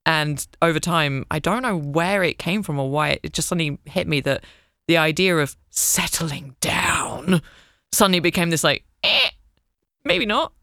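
A British woman talks in a bright, smooth, clear voice, playful and animated, poking fun at herself as she chats. The sound is close and dry, with no room around it. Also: low voice, normal speed, no room sound. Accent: British English. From Britain. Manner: playful, animated storyteller, self-mocking humor. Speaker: guest, English teacher. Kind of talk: casual interview chat.

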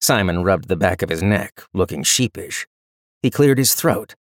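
A man giving scripted narration of a fantasy story in a steady storytelling manner. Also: deep voice, normal speed, no room sound, clean studio sound.

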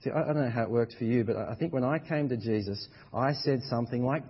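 A man preaching a sermon as pastor, swinging between loud, emphatic exhortation and quiet, low passages. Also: quick pace, hardly any pauses, slightly rough. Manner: builds to loud, high-pitched emphatic preaching, then drops quiet. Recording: dull sound with long reverb in a large hall.

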